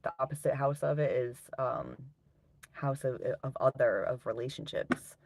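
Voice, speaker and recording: A woman's voice: very deep voice, steady tone, moderate pace, vocal fry, darkish tone. A woman live streaming, chatting casually with her viewers, laughing often and swearing freely.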